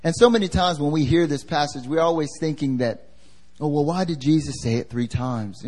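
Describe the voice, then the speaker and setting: Male pastor, live church sermon, a touch high-pitched, dramatic dynamics, voices the characters he quotes. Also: a little fast. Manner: dramatic, swings from loud emphasis to hushed near-whisper; acts out quoted voices, laughs at himself.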